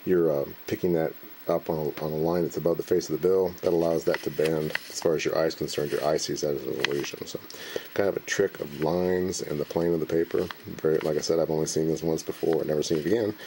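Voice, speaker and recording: A man with a low, deep voice walks through a magic trick step by step. He is relaxed and rambling, trips over his words, and tosses in jokes. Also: quick pace, slight background noise. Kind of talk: casual demonstration.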